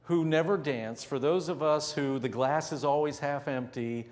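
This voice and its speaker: Male pastor with a slightly high voice, preaching a sermon as a vivid storyteller who leans on slow, drawn-out emphasis. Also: a little mellow, big-room sound.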